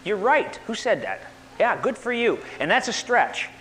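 A man giving an animated lecture to a live audience, asking them questions and getting worked up. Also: sits high, normal speed, big-room sound, slight background noise. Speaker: speaker at a live talk.

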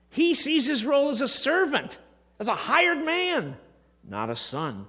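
A middle-aged man preaching a sermon, moving between quiet, hushed passages and emotional, impassioned outbursts. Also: high voice, huge pitch swings, normal speed.

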